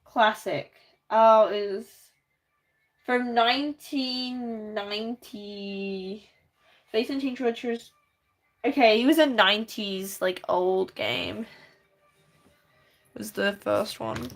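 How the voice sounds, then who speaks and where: A woman's voice: fairly high pitch, takes it slowly, creaky, long pauses. A woman chatting casually on a livestream while drawing, rambling with many fillers and easy laughs. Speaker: streamer.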